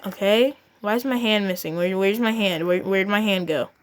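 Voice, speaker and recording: A woman's voice: mid-range voice, moderate pace, natural voice. A woman voicing a grouchy, sleepy animatronic hen plush in a toy story. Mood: confused. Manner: sleepy, grumbling.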